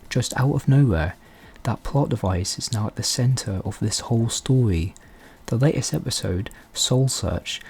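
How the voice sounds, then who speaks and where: Soft-spoken guy hosting a theory channel, kinda hushed, low and dark-toned. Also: husky. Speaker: fan theory channel host. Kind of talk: scripted fan theory commentary.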